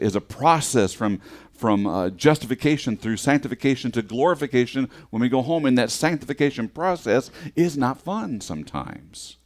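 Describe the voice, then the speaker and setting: A middle-aged man preaching a sermon in an earnest, conversational way, often repeating words as he restarts. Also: mid-range voice.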